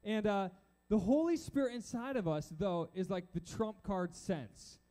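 High-voiced young preacher, mellow tone. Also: male voice, measured pace. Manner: animated storytelling with quoted voices. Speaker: youth pastor. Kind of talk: sermon. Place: church stage before a crowd.

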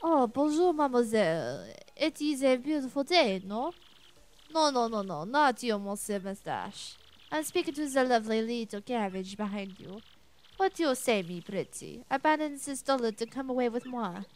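A smooth, flirty video-game charmer with a put-on French accent, voiced by a woman. He drawls his lines slowly in a low croon. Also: very animated, darkish tone. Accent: mock French. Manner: smooth, drawn-out, lower crooning.

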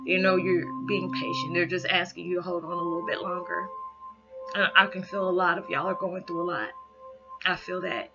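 A woman giving a heartfelt spiritual message, close to tears, speaking haltingly and filling pauses with "you know". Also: fairly low pitch, steady tone. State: holding back tears. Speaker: spiritual reader. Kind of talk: emotional spiritual message vlog. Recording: dull lo-fi sound with music behind. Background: background music.

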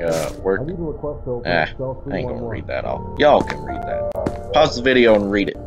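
A man's voice: lowish voice, sing-song, normal speed, music in the background. A young man with a Southern US accent, giving rambling, casual let's-play commentary from home on his computer camera mic. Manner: rambling, chatty, self-interrupting. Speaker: gameplay YouTuber.

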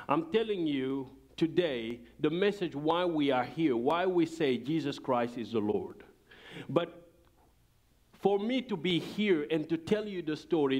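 Slow, fervent man preaching. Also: a little high, darkish tone. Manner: fervent, preaching cadence with grammar slips. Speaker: guest speaker. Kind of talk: church testimony. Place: church sanctuary.

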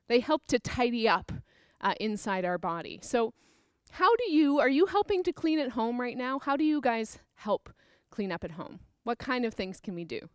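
A woman's voice: fairly high pitch, no room sound, studio quality. A woman teaching a creative movement dance class for children, upbeat and encouraging as she counts out the moves. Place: dance studio with a piano.

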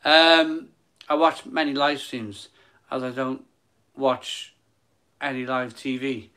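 A man's voice: medium pitch, slow pace. A man hosting a casual live stream from his phone, repeating phrases and stumbling over words. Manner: excited hyping, then soft and emotional.

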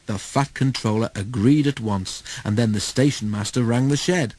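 A man narrating a children's storybook in a steady, measured way. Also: medium pitch, breathy edge, no echo, poor audio. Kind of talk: storybook read-aloud.

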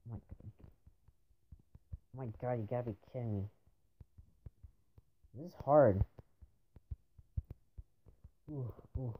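A young man commenting on his own gameplay, frustrated and repeatedly exclaiming and groaning at his failures. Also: mid-range voice. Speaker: gamer. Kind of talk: gaming commentary. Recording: dull lo-fi home mic with faint hiss.

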